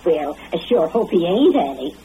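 A meddling older country aunt; wildly swooping pitch, thin phone-like radio tone. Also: female voice, very animated, normal speed. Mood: nosy. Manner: folksy rural talk. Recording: thin old radio recording, faint hiss.

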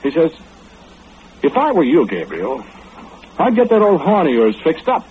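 Folksy excitable angel Gabriel. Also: male voice, fairly high pitch, normal speed, slight background noise. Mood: excited storytelling. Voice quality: folksy rural drawl, excitable. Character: archangel Gabriel, folksy excitable male messenger. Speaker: narrating monologue. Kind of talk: 1940s radio acting. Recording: tinny old radio broadcast with loud music.

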